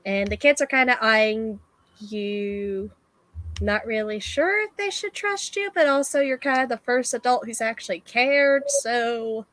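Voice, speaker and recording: Woman game master, slow halting narration, dry close sound. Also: on the high side, dry recording, rough recording. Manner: relaxed, halting narration with fillers.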